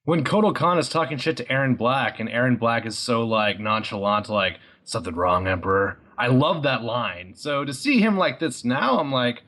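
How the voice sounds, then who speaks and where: A man with a mid-pitched, ordinary voice chats on a podcast. He muses aloud, stammers, and asks himself questions as he thinks. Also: lively intonation, moderate pace, few pauses, fairly bright tone. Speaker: podcast co-host. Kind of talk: casual podcast chat.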